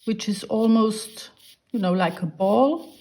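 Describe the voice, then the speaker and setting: A woman teaching a beginners' drawing lesson. She talks slowly and patiently and walks through each step as she sketches. Her voice sits at an ordinary middle pitch. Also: mellow. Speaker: art teacher.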